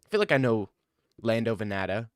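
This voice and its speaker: A man giving casual MMA commentary, thinking out loud and rambling, then breaking into excited rants. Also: fairly low pitch, a little fast, dry recording, studio quality. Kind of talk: casual fight-card commentary.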